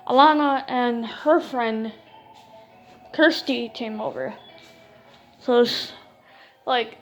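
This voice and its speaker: A woman's voice: a little high, slow, soft background music, low-quality recording. A woman casually telling a creepy true story, cursing freely and retelling what everyone said. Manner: casual, swears freely, retells talk with "I'm like".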